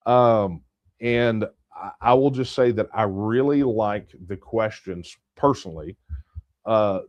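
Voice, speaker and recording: A man's voice: lowish voice, darkish tone, no room sound. A man hosting a casual late-night livestream Q&A, talking loosely and thinking aloud with fillers and restarts. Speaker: livestream Q&A host.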